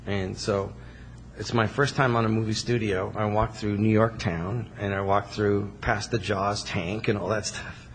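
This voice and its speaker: A male guest telling animated stories in a casual interview and acting out other people's voices. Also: fairly low pitch, measured pace, big-room sound, slight background noise. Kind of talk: casual storytelling.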